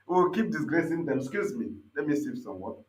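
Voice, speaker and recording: Fiery high-voiced Nigerian man ranting. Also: animated, moderate pace. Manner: fiery, combative, repetitive, mocking. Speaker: political broadcaster. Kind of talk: impassioned political rant. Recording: roomy echo.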